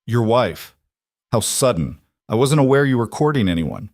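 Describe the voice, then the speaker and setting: A man's voice: medium pitch, big pitch swings, moderate pace, dry recording. A man voicing a cold, calculating aristocratic father who speaks in a dry, cutting way. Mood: cold, disdainful.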